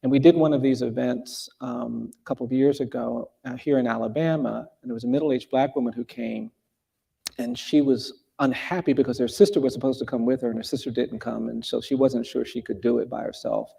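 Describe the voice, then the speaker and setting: A man speaking as a guest at a live event, telling a story in a measured, deliberate way with pauses. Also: mid-range voice, fairly even intonation, vocal fry, warm tone, breathy edge. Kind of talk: earnest storytelling in a live conversation. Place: event hall before a live audience.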